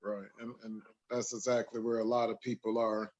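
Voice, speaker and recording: A podcast host from Michigan, USA talks at normal speed in a lowish, darkish voice with little pitch movement. His casual chat meanders in long stretches of fillers and restarts, and the recording sounds dull and lo-fi.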